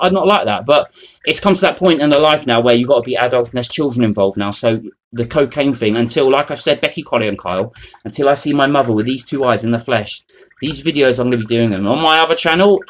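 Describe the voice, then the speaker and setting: Fast-talking, swearing man ranting. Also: mid-range voice, lively intonation. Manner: rambling, profane, mocking. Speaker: vlogger. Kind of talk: unscripted rant to camera.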